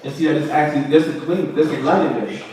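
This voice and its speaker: A man's voice: on the high side, fast talker, a little mellow. A man teaching a Bible class, explaining verses in a casual preaching manner with slang. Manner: conversational preaching with slang and acted-out quotes. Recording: echoey room, distant mic.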